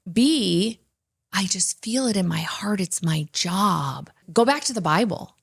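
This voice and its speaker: A woman's voice: medium pitch, expressive, a little slow, gravelly, slightly rough. A woman co-hosting a faith podcast, telling personal stories in an earnest, emphatic way. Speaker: podcast co-host. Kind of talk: candid faith talk.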